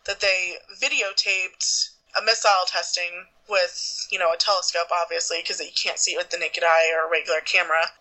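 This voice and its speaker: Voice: mid-range voice, little pitch movement, a little fast, sharp tone, poor audio. A podcast host casually explaining a clip, with rambling speech full of fillers. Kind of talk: casual chat.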